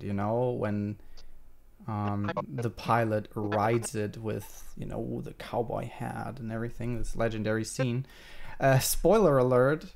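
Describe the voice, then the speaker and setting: A man's voice: mid-range voice, creaky, a little mellow, a little hiss or hum. A man live-streaming his video editing, talking casually and thinking aloud with many fillers.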